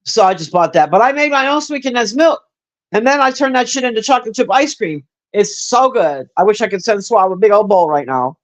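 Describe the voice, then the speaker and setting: A man's voice: high voice, expressive, brisk. A man streaming and chatting casually with viewers, swearing freely, rambling with lots of fillers and answering chat by name. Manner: profane, rambling, with many fillers; talks straight to chat by name.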